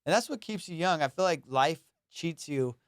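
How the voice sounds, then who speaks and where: A young man chats loosely and jokily on his own comedy podcast, high and rambling from one thought to the next. His voice is smooth and resonant at a middle pitch, and the sound is close and dry with no room around it. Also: animated, normal speed, no room sound. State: high on cannabis. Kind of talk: casual solo podcast chat.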